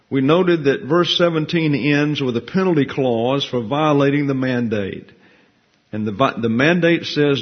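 A man teaching a Bible study, explaining Hebrew grammar in a careful, methodical way to his class. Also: medium pitch. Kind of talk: verse-by-verse Bible study lecture. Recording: dull lo-fi recording.

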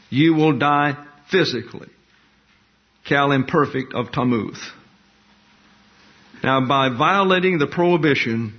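Man giving a deliberate Bible lesson, lo-fi. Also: fairly high pitch. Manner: slow, deliberate, explanatory delivery, repeating key words for emphasis. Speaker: Bible teacher. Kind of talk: expository Bible teaching. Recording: dull lo-fi recording.

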